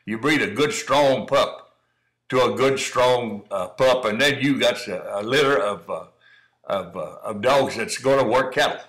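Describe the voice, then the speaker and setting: Over a dog-training video, a middle-aged man who breeds cowdogs offers easygoing, encouraging remarks, addressing the listener as son. He takes his time, his medium-pitched voice a bit bright, though the recording quality is low.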